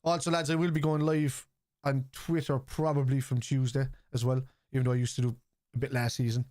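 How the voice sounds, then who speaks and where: A man's voice: medium pitch, fairly quick, no room sound, clean studio sound. A middle-aged man with a chatty manner, streaming a football watchalong, reacting to play and reading out chat messages. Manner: chatty, reads out chat messages, excitable at match moments. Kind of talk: casual live-stream chat and match reactions.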